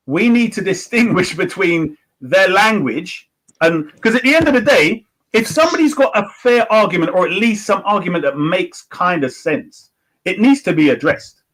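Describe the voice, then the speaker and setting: A man with a high, husky voice keeps cutting in to an online debate. He is excitable and pushy, breaking into others' points to make his own. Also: unhurried, low-quality recording.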